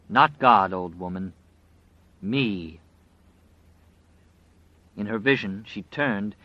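A man narrating an audiobook in a dramatic, measured storytelling style. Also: medium pitch. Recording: dry, slightly dull audio.

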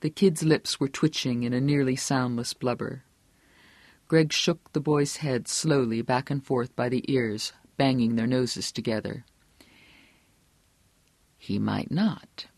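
A man reading a novel aloud as audiobook narrator, steady and measured. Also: medium pitch, no echo. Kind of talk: scripted narration.

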